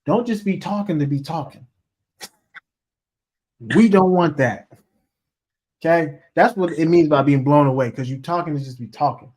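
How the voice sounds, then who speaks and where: Animated man coaching on relationships. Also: fairly high pitch, moderate pace, long pauses. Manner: animated, acts out quoted voices, addresses audience as y'all. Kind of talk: casual motivational talk.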